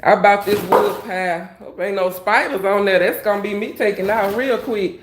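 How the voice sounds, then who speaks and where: A woman's voice: mid-range voice, steady tone, moderate pace, noisy background. Folksy woman chatting live. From Louisiana. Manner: chatty and folksy, heavy Southern slang. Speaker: cooking channel host. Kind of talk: casual live-stream chat with viewers.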